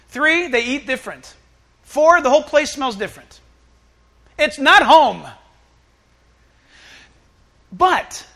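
Middle-aged man preaching, high and bright, lively delivery with acted-out quotes. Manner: animated, acts out quoted voices. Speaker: pastor. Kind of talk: sermon.

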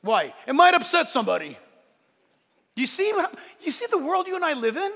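A pastor preaches with a lively, animated delivery, briefly acting out the voices he quotes. His voice sits very high and rings bright and forceful. It carries through a large hall with a long, trailing reverb. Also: normal speed. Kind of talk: sermon.

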